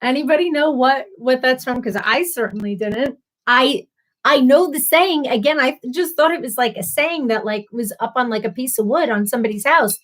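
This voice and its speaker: A woman's voice: sits high, moderate pace. A woman hosting a casual live stream, chatting and laughing as she answers viewers by name. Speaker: livestream host.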